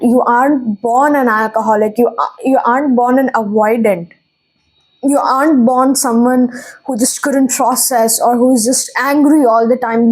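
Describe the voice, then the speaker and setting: A woman's voice: high voice, a little mellow, husky, rough recording. A young woman from India, a tarot reader, talking earnestly and emotionally to her viewers, rambling and correcting herself as she goes. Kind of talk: spiritual channel talk to viewers.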